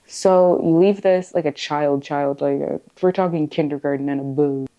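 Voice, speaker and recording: A woman in her late twenties, born in Zimbabwe and raised in the US, talks through her get-ready routine in a casual, chatty way. Her voice sits on the low side and sounds warm and mellow. She breaks off for playful, joking asides. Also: normal speed, lo-fi sound. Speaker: beauty vlogger.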